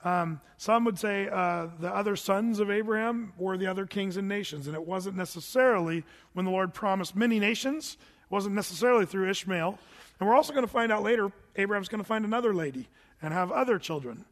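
A man's voice: high voice, brisk, a bit bright, in a large hall. A man preaching a sermon, teaching through Bible verses in a conversational way with joking asides. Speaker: pastor.

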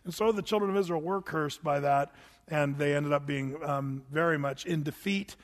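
A man with a high voice gives an easygoing sermon, reading scripture and then telling the story in a folksy, chatty way. He stumbles and restarts often. His voice rings with a long reverb, as in a church hall. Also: normal speed. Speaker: preacher. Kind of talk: casual sermon with Bible reading.

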